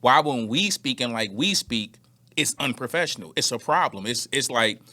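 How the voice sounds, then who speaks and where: A man co-hosting a casual podcast chat, animated, acting out quotes in different voices. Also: medium pitch, moderate pace. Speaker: podcast co-host.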